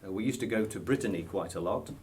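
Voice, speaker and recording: An older British man with a British accent answers questions in a relaxed interview. His voice sits low, and he talks hesitantly, with plenty of ums and small chuckles. A faint hiss sits under the recording. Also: quick pace. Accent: British English. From Britain. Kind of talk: casual interview.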